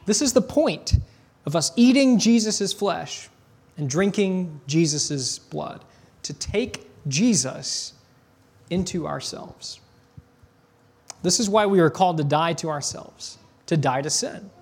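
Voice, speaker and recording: A man with a notably high voice delivers a sermon. He reads scripture aloud, drops in conversational asides and rhetorical questions, and slows down deliberately when stressing a point. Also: lively intonation, husky. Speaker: preacher.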